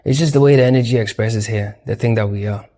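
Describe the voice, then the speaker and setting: A man's voice: mid-range voice, fast talker, warm tone. A man giving a loose, casual spiritual lecture with slang, emphasis, and frequent fillers. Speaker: teacher.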